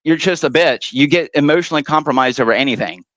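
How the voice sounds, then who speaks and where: A man's voice: fairly high pitch, fast, a crowd in the background, poor audio. A man ranting and taunting others during a heated online panel argument, swearing often. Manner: profane. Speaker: panel guest.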